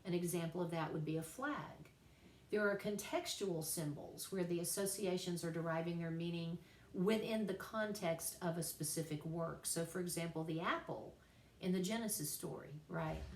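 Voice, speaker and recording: Lady teacher lecturing on poetry, kinda low voice, chatty n playful, roomy sound a bit off mic. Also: recorded from a distance, a little hiss or hum. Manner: chatty, playful, slows down to spell out examples. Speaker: writing teacher. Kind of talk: recorded class lecture.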